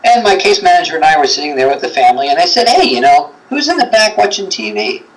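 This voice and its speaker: A man's voice: sits high, big pitch swings, fast talker, rough recording. A man telling a story as a guest on a paranormal talk show, rambling with many fillers and acting out quotes. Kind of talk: animated storytelling in a livestream chat.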